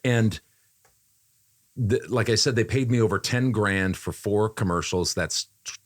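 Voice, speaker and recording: Low-voiced man in casual podcast chat. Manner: conversational, repeats phrases, frequent fillers. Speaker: voiceover artist.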